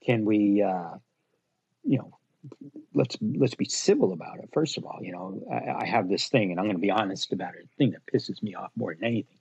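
Gravelly, husky man telling blunt stories. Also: fairly low pitch, a little fast, dry recording, dull audio. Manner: blunt, animated storyteller acting out customers. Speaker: guest, luggage company owner. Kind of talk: casual podcast interview.

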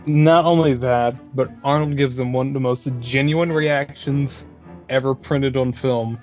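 A man's voice: medium pitch, steady tone, a little slow, darkish tone, highs cut off, faint music behind. A man chatting casually about a movie, joking and swearing as he reacts. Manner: laughing, profane banter.

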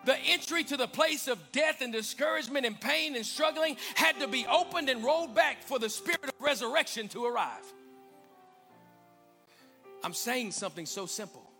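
High-voiced gravelly preacher. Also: male voice, expressive, normal speed, soft background music. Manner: preaching with rising, emphatic swells and quiet drops. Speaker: pastor. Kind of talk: sermon. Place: church sanctuary.

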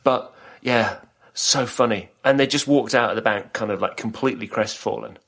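Low-voiced chatty British man. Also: moderate pace, vocal fry, a bit bright. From Britain. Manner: chatty storyteller, laughs often. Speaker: podcast co-host. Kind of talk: casual chat.

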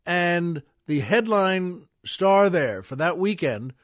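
A man's voice: sits high, animated, slow pace, no room sound, clean studio sound. A man hosting a podcast, telling a long show-business story in a rambling way, with restarts, asides and chuckles. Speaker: podcast host. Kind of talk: casual anecdotal storytelling.

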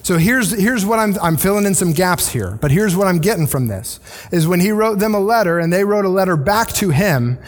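In a church sanctuary, a male pastor with a high, expressive voice preaches fairly quickly in a conversational style. He often restarts sentences and acts out the voices he quotes.

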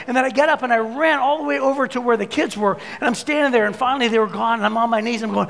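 Animated high-voiced man preaching. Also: fast, gravelly. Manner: animated storyteller, acts out his own shouts. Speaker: pastor. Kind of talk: sermon with personal story. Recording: long hall reverb.

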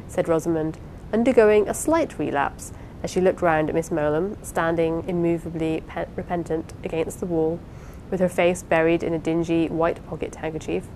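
A woman narrating a classic novel as an audiobook, in a steady, even storytelling manner. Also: sits low, moderate pace, slight background noise, rough recording. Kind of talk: scripted narration.

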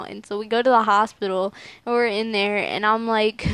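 A woman's voice: on the high side, a little fast, clear, resonant tone, no room sound. Young woman, teens, casual storytelling, slangy, laughing often, dry sound.

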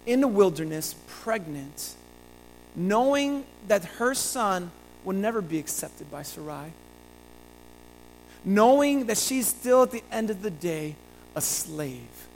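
An earnest pastor delivers a sermon at a middle pitch. The preaching returns to key phrases again and again, climbing toward emphatic high points. A faint hum sits quietly behind the voice. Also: rough recording. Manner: earnest, repeating phrases and building to emphatic peaks.

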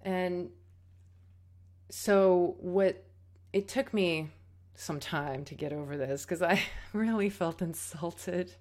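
Woman, tango teacher, slow unhurried delivery, reflective, candid, personal story. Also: fairly low pitch, darkish tone. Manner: reflective, candid, many fillers and restarts.

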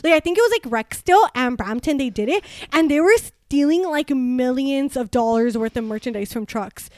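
High-voiced young woman telling a story. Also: expressive, normal speed, a little mellow, no echo, studio quality. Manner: chatty storytelling, fillers, swearing, laughing. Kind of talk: casual chat.

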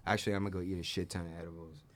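A man's voice: sits low, flat delivery, rapid-fire, slight background noise. A man chatting casually as a podcast guest, joking around and swearing freely. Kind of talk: casual chat.

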